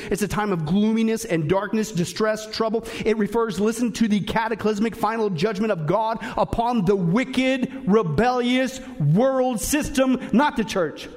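A male pastor preaches a sermon with emphatic, animated energy, frequently turning aside to address his listeners. His voice is high-pitched.

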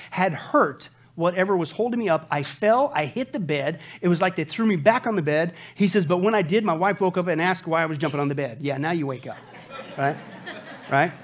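A man preaches a sermon in a high, emphatic voice. He keeps asking the congregation rhetorical questions and answers them himself. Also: fast.

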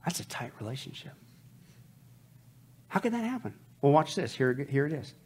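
A man's voice: fairly high pitch, big pitch swings, normal speed, husky. A man preaching a humorous sermon, joking with his audience and calling them folks.

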